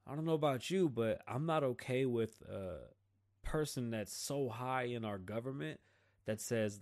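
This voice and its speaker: A man's voice: medium pitch, a little slow. A man hosting his own show, delivering a blunt, profane, slang-filled political rant in a casual style. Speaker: podcast host.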